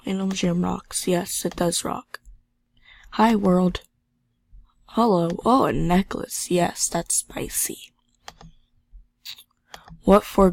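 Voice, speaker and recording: A woman's voice: fairly low pitch, vocal fry, darkish tone, dry recording. A teenage girl with a sore throat, talking in a subdued way over gameplay and reading chat messages aloud. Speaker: gaming channel host. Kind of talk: casual gameplay commentary.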